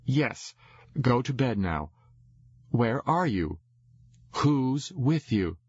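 A man's voice: mid-range voice, sing-song, drawn-out words, husky, no echo, voice pushed up, full character voice. A man voicing an annoyed young woman who scolds a drunk caller, on a dull lo-fi recording. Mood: impatient. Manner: impatient and scolding. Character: annoyed young woman woken late at night.

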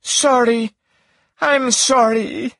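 A man reading an audiobook, voicing a young woman who is emotional and quick to suspicion, in a high, shrill, pleading voice. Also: expressive, a bit bright, breathy edge, no room sound. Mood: tearful. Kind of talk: audiobook character voice.

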